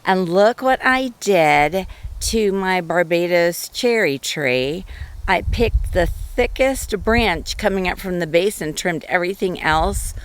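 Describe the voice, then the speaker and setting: A woman talks her viewers through her garden with chatty, easy excitement. Her voice sits a touch low and she takes her time with each thought. It sounds like a phone held at arm's length outdoors. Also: takes it slowly, slight background noise. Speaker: gardening vlogger. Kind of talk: casual garden walkthrough.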